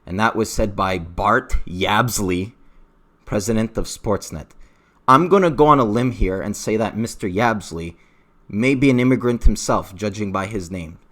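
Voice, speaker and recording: A man's voice: on the low side, moderate pace. A man giving an unscripted, emotional opinion rant about hockey, growing heated. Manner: heated, emotional, rising to shouting. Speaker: hockey commentary vlogger.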